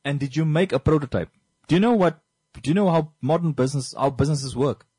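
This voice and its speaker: Passionate husky radio co-host, a man. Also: on the high side, fast talker, dry recording, rough recording. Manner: passionate, emphatic, lively delivery. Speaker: radio talk show co-host. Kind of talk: radio talk show discussion.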